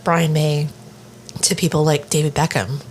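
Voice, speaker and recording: Woman, lowish voice, heartfelt roundtable co-host, faint background hiss. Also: flat delivery, darkish tone. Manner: heartfelt, slightly halting. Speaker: podcast co-host. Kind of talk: casual roundtable chat.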